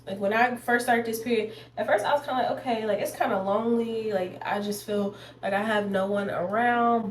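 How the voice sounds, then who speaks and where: Chatty young woman in an echoey room. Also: medium pitch. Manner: chatty, rambling, addresses viewers as y'all. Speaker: beauty vlogger. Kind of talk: casual chat while doing makeup. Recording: echoey room with faint noise.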